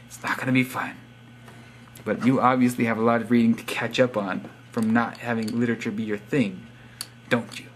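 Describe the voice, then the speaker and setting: A man's voice: mid-range voice, little pitch movement, a little fast, slight background noise. Sarcastic young man teasing viewers. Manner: sarcastic teasing, reads profiles aloud with wry asides. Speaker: vlogger giving subscriber shoutouts. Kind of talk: casual joking monologue.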